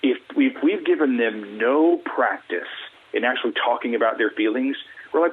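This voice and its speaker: A man from the US Deep South, a mental wellness coach, talking earnestly and acting out quoted small talk. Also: moderate pace. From Alabama, US Deep South. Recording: tinny phone line, husky.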